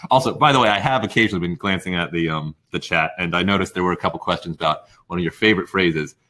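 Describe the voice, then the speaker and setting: Bright low-voiced man hosting a stream. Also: fast talker. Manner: prompting and steering the talk, addressing viewers. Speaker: live stream host. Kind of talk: hosting a live stream interview.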